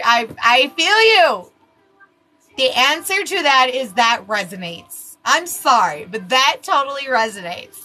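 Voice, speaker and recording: A woman's voice: high-pitched, lively intonation, unhurried, pushed and bright, low-quality recording. A woman giving casual live tarot readings, talking bluntly and chattily, swearing freely and laughing at herself. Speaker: tarot reader.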